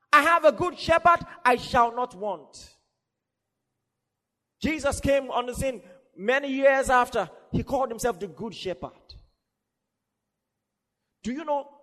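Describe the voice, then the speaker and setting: A man preaching a sermon with fervour, swinging from shouted declarations to soft, laughing asides. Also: extremely high pitch. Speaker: pastor. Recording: long reverb of a large hall.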